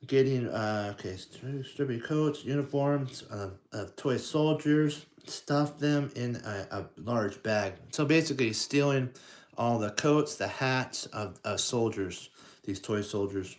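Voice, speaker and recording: A man reading a storybook aloud to children, halting over words and asking the listener questions as he goes. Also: mid-range voice.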